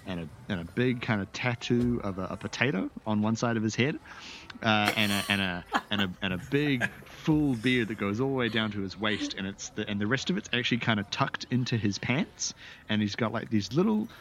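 A man serving as game master, narrating a tabletop game in a meandering, descriptive, halting way. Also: fairly low pitch, lively intonation, background noise.

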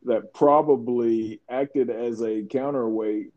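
A man co-hosting a casual podcast, talking in a measured, reflective way with frequent restarts. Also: mid-range voice, steady tone, highs cut off. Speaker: podcast co-host.

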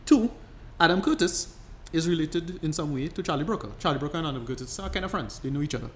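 A man's voice: a little high, animated, quick pace, a little hiss or hum. A man co-hosting a podcast, explaining at length in casual chat, rambling and restarting his sentences. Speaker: podcast co-host.

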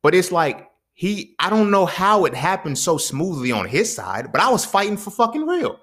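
A young adult man hosting a podcast, telling a story in casual slang, swinging from low mutters to loud, excited bursts. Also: moderate pace. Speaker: podcast host.

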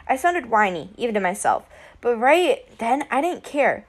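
A woman giving a first-person audiobook narration, brisk and wry. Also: on the high side, big pitch swings.

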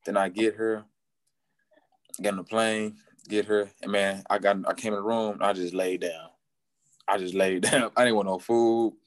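A man, a football player telling a story in an interview and acting out quotes with big jumps in pitch, laughing often. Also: little pitch movement, moderate pace, no room sound.

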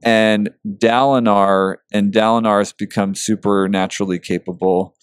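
A man's voice: fairly low pitch, steady tone, clean tone, dry recording. Earnest man with a dry close sound. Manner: earnest, emotional, halting with fillers. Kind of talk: casual book discussion.

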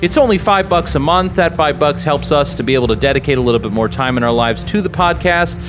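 Chatty man with a higher voice. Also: fast, over music. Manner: rambling, chuckling, many fillers. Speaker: podcast co-host. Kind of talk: casual podcast chat and storytelling.

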